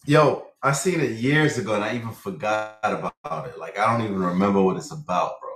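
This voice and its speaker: A man's voice: lowish voice, a little fast. Man telling tales in an echoey room. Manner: animated storyteller, says "right?" often. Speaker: livestream participant. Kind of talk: casual live chat.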